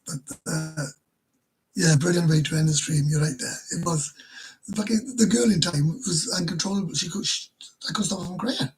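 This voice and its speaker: A Welsh man chats to his viewers in a deeply husky, breathy voice pitched slightly above the usual male range. He rambles, swears, and laughs his way through crude anecdotes. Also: fairly even intonation, moderate pace, poor audio. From Wales. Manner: crude, swears constantly, laughs mid-story, stumbles and restarts. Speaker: live stream host. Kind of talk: casual storytelling to viewers.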